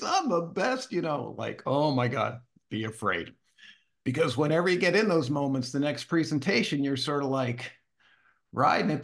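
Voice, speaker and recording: A man, a guest on an interview show, telling a story in a casual, animated way and acting out the voices of the people in it. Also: mid-range voice. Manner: animated, acts out quoted dialogue. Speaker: guest speaker.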